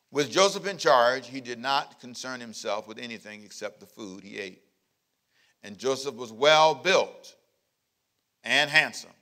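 A man's voice: mid-range voice, sharp tone. A male pastor preaching a sermon, joking with the congregation and acting out scenes as he goes. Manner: playful, joking preacher who acts out scenes; calls out to the congregation.

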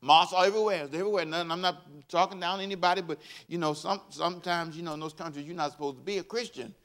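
Rapid-fire and on the high side, a male pastor delivers an animated, folksy sermon. He draws call-and-response from the congregation and laughs at the stories he shares.

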